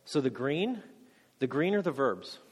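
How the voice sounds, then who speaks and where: An adult man, a married father, delivers a teaching sermon to a congregation in a mid-range, slightly rough voice that is very animated yet unhurried. He jokes at his own expense and quizzes his listeners with questions. A long echo from a large hall surrounds the recording.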